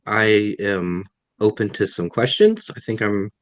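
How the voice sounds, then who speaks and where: Speaking a little slowly in a lowish, clean voice with no room sound, a man fields webinar questions as a guest author over video. He's thoughtful and keeps correcting himself, restarting sentences frequently.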